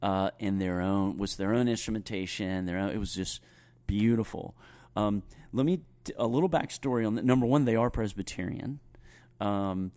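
Low-voiced Southern pastor chatting. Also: male voice, normal speed, darkish tone. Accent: softened Southern US. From North Carolina, US. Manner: thoughtful, restarts often, chuckles while telling stories. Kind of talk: conversational podcast chat.

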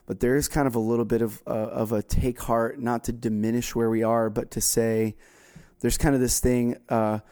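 Rambling casual man with a mellow voice. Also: mid-range voice, flat delivery, moderate pace, clean tone. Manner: rambling, self-deprecating, many restarts. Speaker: co-host. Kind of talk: casual conversational chat.

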